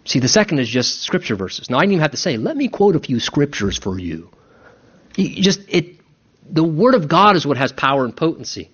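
A man preaching a sermon as pastor, emphatic and animated, with mock-voiced asides. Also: fairly high pitch, a little fast, breathy edge, lo-fi sound.

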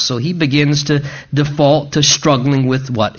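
A man's voice: mid-range voice, fairly even intonation, normal speed, few pauses, muffled recording. A male pastor preaching a sermon in an earnest, emphatic way, repeating rhetorical questions to drive his points home.

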